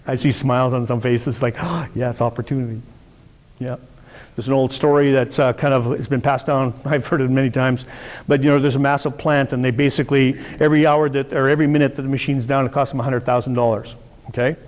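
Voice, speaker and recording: A man's voice: mid-range voice, little pitch movement, fast, a little mellow, big-room sound. A middle-aged man teaching a live sales workshop, telling stories and acting out the voices of the people in them. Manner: storytelling, acts out quoted voices. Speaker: sales coach.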